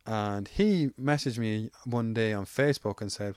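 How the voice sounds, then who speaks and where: A man's voice: fairly low pitch, measured pace, darkish tone, smooth, no room sound, clean studio sound. An Irish man, an amateur MMA fighter, telling stories in casual, rambling, swear-heavy chat. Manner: swears freely, rambling anecdotal.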